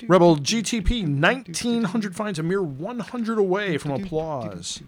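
A man's voice: sits high, animated. A man hosting a casual podcast, reading out names and scores in a playful, teasing way. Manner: playful, teasing, quick to laugh. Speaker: podcast host.

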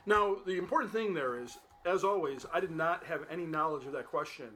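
Bright playful podcast co-host man. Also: a little high, a little hiss or hum. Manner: playful, quick interjections and cheers. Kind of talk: casual chat.

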